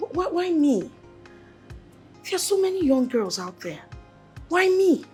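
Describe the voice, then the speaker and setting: A woman's voice: very high voice, sing-song, measured pace, a little mellow, soft background music, exaggerated voice. An actress with a Nigerian English accent playing a hesitant, guarded middle-aged woman. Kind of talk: film drama acting.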